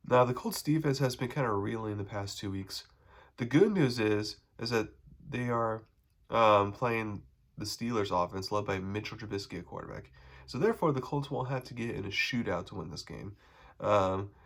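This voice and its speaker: Solo podcast host, young man, stuffy nasal voice from a cold, lowish pitch, loose casual delivery. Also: fairly bright tone. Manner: casual, with frequent ums and restarts. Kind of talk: solo sports predictions podcast.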